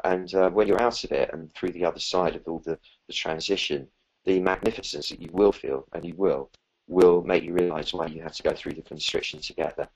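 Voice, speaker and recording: A man's voice: sits low, fairly quick, husky, poor audio. A man answering questions as a spiritual teacher in a live talk, earnest and rambling, with many fillers and restarts.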